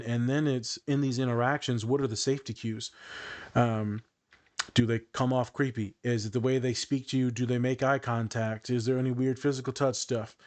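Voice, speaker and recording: A man of middle pitch hosts a relaxed podcast, teasing his friends one moment and laying out ideas like a counselor the next. His talk is easy and conversational. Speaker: podcast host. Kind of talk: casual podcast chat.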